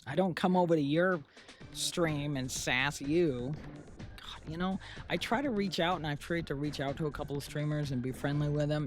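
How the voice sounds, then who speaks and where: A man's voice: a little high, steady tone, moderate pace. A man who runs a stream chats casually and rambles as he vents to his viewers, often restarting his sentences. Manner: rambling and venting, with frequent restarts. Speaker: streamer running an AI VTuber channel. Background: music playing under the talk.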